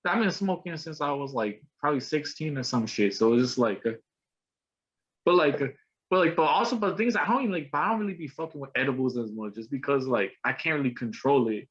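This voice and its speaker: A man's voice: medium pitch, fast talker. A young man talking casually on a podcast, rambling with lots of slang and filler words. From Colombian roots. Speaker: podcast host. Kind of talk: casual chat. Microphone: video call. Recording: muffled video call audio.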